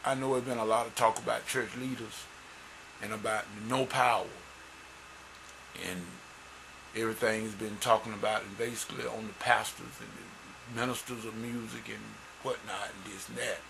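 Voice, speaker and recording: A man giving an informal sermon and reading scripture, earnest and folksy, growing louder and higher as he builds. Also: fairly even intonation, moderate pace, creaky, noisy background. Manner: folksy, repeats words and restarts. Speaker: church musician and lay preacher.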